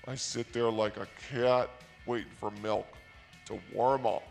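A man hosting his own channel, telling a comic story in a rambling, self-mocking, deliberately naive way. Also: mid-range voice, steady tone, gravelly, darkish tone, soft background music. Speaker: comedic storyteller and channel host.

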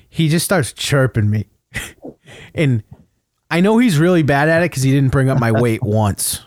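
A man tells a story in casual, profane chat, his voice jumping higher when worked up. His pitch sits in the middle of the male range. The sound is dry and close to the mic. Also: lively intonation, slow, pauses often, darkish tone, no room sound. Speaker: podcast co-host telling a story.

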